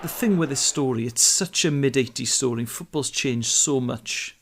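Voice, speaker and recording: Gravelly welsh bloke, mid pitch, chatty football yarn. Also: male voice, normal speed. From Wales. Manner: chatty, detailed football anecdote. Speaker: podcast co-host. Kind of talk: casual storytelling.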